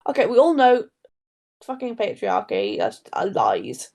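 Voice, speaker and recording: A woman's voice: mid-range voice, big pitch swings, measured pace, creaky, a little mellow. A young woman co-hosting a casual true crime podcast, rambling and breaking into her own story. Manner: rambling, self-interrupting storyteller. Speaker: podcast co-host.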